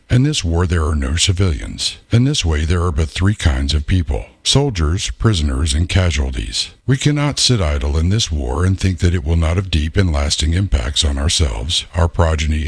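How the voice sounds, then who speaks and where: A very deep male text-to-speech voice with a husky, breathy edge. He reads a scripted narration at a steady, measured pace. The sound is dry and close. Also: dry recording. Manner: steady, measured synthetic reading.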